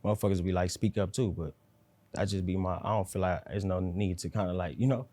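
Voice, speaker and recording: A man being interviewed as a rapper, talking low and mellow, almost whispering, in a loose, laid-back way full of slang and fillers. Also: steady tone, fast. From South Central Los Angeles. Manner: loose slang-heavy talk with frequent fillers. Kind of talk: casual interview chat.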